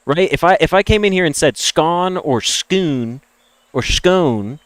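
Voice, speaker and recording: A man's voice: moderate pace, dry recording. Ranting American man, dry sound. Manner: ranting, opinionated, swings between loud emphatic bursts and low mutters. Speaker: game streamer. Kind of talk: casual chat with stream viewers.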